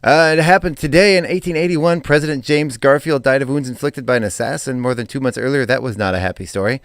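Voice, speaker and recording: A man's voice: mid-range voice, quick pace, dry recording. A man co-hosting a morning radio show, reading daily items with chatty asides in a studio. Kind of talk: casual radio chat. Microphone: studio mic.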